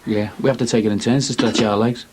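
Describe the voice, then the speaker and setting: A man's voice: medium pitch, fairly even intonation, fast talker, noisy background, close to an everyday voice. A middle-aged man, playing a chatty, dry-humoured handyman in a 1990s TV soap.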